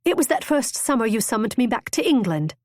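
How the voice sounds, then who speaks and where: A woman's voice: fairly high pitch, big pitch swings, fairly quick, no echo, clean studio sound, pitched above the performer's own voice. A woman voicing an impulsive, witty young noblewoman who tells her tale eagerly and theatrically. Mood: lively. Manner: bright, eager, storytelling.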